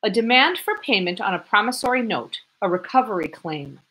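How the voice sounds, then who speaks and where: A woman's voice: medium pitch, expressive, fairly quick, pushed and bright, pitched above the performer's own voice, low-quality recording. A woman voicing a smug male head clerk who explains rules officiously. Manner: officious, matter-of-fact.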